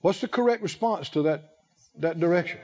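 A male pastor preaching a sermon, emphatic, with drawn-out phrasing and call-and-response. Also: a little high, animated, a little mellow, husky, lo-fi sound.

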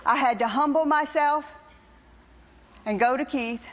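An older woman, a preacher's wife, telling a personal testimony to a congregation in an animated, teasing, wry way. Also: high-pitched, unhurried, in a large hall, highs cut off.

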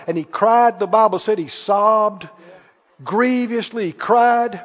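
Male pastor preaching, high lively voice, acts out Bible dialogue, dull reverberant hall recording. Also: slow. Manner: animated preaching, acting out Bible dialogue, chuckling. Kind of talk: sermon.

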